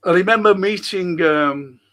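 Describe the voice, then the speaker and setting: This is a middle-aged man on a casual livestream, going through viewer comments for his podcast with plenty of rambling, fillers, and false starts. The voice is high-pitched and a bit bright, with a slightly slow delivery.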